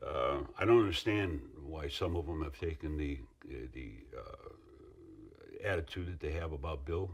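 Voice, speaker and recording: A middle-aged man with a very deep voice tells his side of a story to an interviewer. His tone is husky and a little rough, and he wanders through asides and restarts in an earnest, rambling way. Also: moderate pace. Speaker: interviewee, former union member. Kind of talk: interview recollection.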